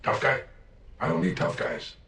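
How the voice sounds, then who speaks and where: An actor playing an aging mob boss who speaks quietly and weighs each word, in a film drama. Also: male voice, normal speed, lightly acted. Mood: measured. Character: aging male mob boss, measured and guarded. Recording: roomy film soundtrack with faint score.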